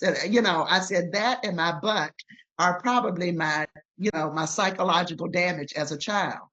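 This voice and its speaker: Older woman guest, husky and animated, recounting memories on a muffled recording. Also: fairly low pitch, normal speed. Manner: emphatic, animated retelling with voiced quotes. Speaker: interview guest. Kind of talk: storytelling in conversation.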